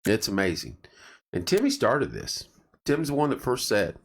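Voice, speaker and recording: Very low-voiced man, losing his voice. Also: huge pitch swings, moderate pace, husky. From central Indiana. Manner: rambling, restarts, greets viewers by name. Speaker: live stream host. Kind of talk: casual live chat greeting viewers.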